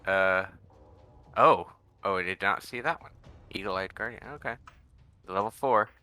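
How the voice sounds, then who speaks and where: A man chatting casually during a co-op video game, halting and full of fillers. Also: low voice, bright, forceful tone. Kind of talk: casual gameplay chat.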